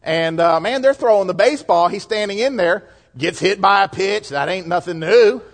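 A man with a Southern US accent preaches a sermon, his voice pitched high for a man. He is middle-aged and keeps it folksy and lively, trading scripture for homespun asides. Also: moderate pace. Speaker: pastor.

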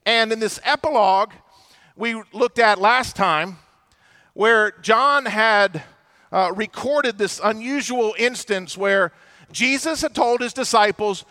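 A man preaching a sermon to a church audience, telling the story with lively, animated delivery and acting out the voices of the people in it. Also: high voice, slow. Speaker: pastor.

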